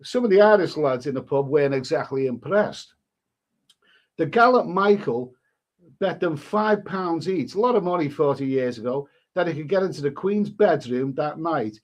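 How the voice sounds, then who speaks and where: A man's voice: on the high side, expressive, normal speed. A man hosting a live stream, reading a story aloud in a casual way and breaking off to answer the chat.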